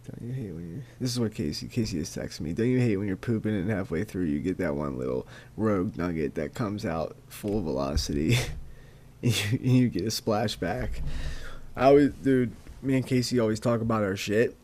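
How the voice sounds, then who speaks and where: A man's voice: fairly low pitch, moderate pace, a little mellow, a little hiss or hum. A young man hosting a casual solo podcast, ranting in a rambling, profane way and often repeating words as he goes. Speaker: podcast host.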